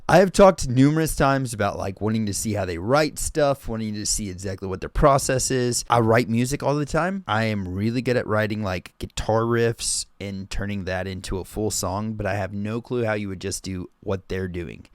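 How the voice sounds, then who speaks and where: Male reaction host, excitable, dry close room sound. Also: on the low side, normal speed, few pauses, no echo. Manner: excitable, loud bursts of amazement. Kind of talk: casual reaction chat. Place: home streaming room.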